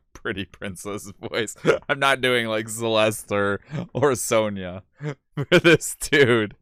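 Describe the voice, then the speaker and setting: A man's voice: lowish voice, slow, fairly bright tone, clean tone, no room sound, studio quality. A young man chatting casually and laughing while playing through a game. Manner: chatty, laughing, thinks aloud. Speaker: game streamer voicing characters.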